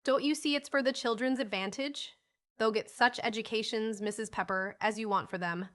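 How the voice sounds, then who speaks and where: A woman voicing a bossy, impatient old gentleman in an audiobook, brusque and quick to snap. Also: on the high side, natural voice.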